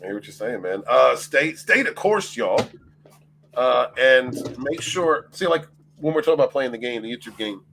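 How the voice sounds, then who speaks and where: A man's voice: medium pitch, lively intonation, moderate pace, creaky, a bit bright, a little hiss or hum. A man hosting a casual livestream, greeting his chat by name, laughing often and swearing freely. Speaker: livestream host.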